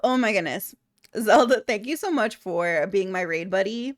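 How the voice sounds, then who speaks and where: A woman's voice: medium pitch, expressive, moderate pace, no room sound, clean studio sound. A young adult woman streamer chatting casually with viewers, giggly and playful, swearing freely. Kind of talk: casual chat reading out viewer messages.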